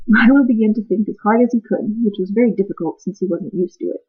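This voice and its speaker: A woman reading a children's book aloud in a gentle, even storytelling manner. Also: medium pitch, quick pace, few pauses, husky. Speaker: reader. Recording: tinny phone-like sound.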